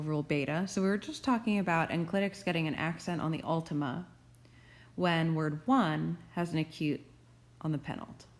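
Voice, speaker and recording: A young adult woman teaching grammar rules, stressing key terms slowly and deliberately. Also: low voice.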